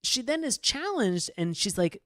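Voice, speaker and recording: A male podcast host in casual chat, his pitch moving all over the place. He talks animatedly and slips into loud voices when quoting characters. The sound is close and dry, with no room around it. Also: big pitch swings, measured pace, no echo.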